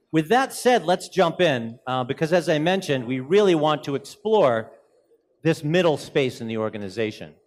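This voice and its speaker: A man with a Boston accent giving an energetic, joking conference presentation in a hotel conference room. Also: on the high side, unhurried. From Boston, USA. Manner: energetic, joking, moves around a lot. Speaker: conference speaker.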